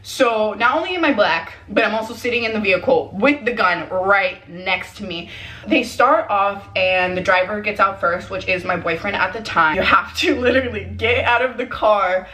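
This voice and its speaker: Animated young woman telling a story. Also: mid-range voice. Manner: animated, quotes people in quick put-on voices. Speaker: vlogger. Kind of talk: casual storytime. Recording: echoey room.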